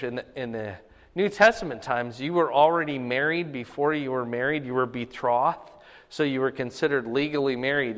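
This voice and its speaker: A man at mid pitch preaching a Bible-teaching sermon. He talks in a conversational way, checks in with his listeners, and slows right down on the words he wants to land. His voice rings out with a long reverb, as in a church hall. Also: a bit bright. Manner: conversational, checks in with "okay?", stresses key words slowly. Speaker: pastor.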